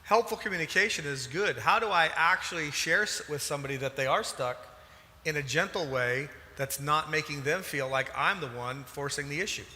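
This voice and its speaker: A man preaching a sermon as a pastor, animated and emphatic, with sudden loud bursts. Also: on the high side, moderate pace. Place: church hall. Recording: large hall reverb.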